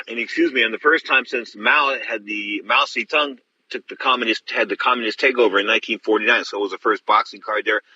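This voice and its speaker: A man's voice: fairly low pitch, steady tone, a little fast, bright, forceful tone, breathy edge, muffled recording. A middle-aged man hosting a show, telling stories bluntly and rambling with many restarts. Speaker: host. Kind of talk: casual storytelling.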